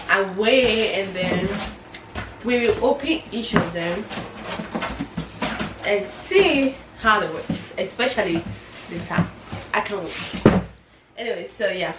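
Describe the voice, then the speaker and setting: A woman chatting casually in an unboxing vlog, excitable and squealing with delight, recorded in her bedroom. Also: medium pitch, distant mic, heavy background noise. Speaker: vlogger. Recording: roomy echo, off-mic, faint ambience.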